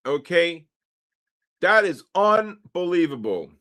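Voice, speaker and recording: Male host, fairly high voice, excitable, exclaims and repeats points while reading charts live. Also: slow pace. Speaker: trading livestream host. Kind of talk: live trading commentary.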